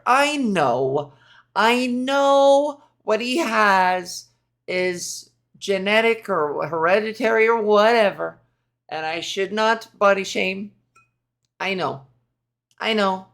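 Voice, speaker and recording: A woman's voice: medium pitch, expressive, takes it slowly, a bit bright. A woman hosting a solo podcast, ranting in a profane, sarcastic, rambling way. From Canada. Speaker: podcast host. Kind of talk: casual solo podcast rant.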